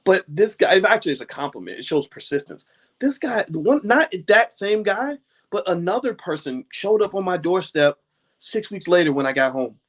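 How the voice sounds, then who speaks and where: American male host, high voice, animated motivational talk with laughs. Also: normal speed. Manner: animated, preachy, laughs often, swears casually. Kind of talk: motivational talk and book reading.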